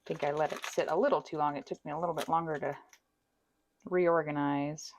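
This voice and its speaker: This home baker talks in a low-pitched, brisk voice with fairly even intonation while decorating a cake. She chats away, pokes fun at herself and laughs often; a wireless mic picks up slight background noise.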